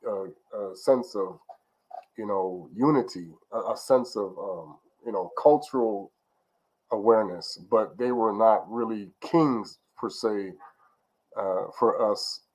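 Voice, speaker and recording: A man's voice: on the low side, a little mellow, low-quality recording. A man giving an informal spiritual teaching, rambling with many fillers and restarts and often checking in with "okay?".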